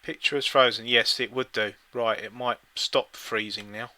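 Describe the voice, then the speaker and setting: Bright, clear-voiced man. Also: mid-range voice, fairly even intonation, normal speed, no room sound. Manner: playful, giggly banter. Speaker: co-host of a live stream. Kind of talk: casual chat.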